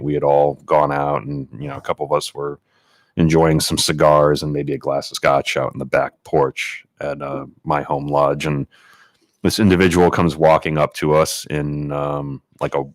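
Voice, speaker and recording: A man with a very deep voice tells a story in relaxed podcast chat. He jumps into high-pitched voices to act out the people he quotes. The sound is dry and close, with no room around it. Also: no room sound. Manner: animated, acts out quotes in a high voice. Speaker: podcast co-host.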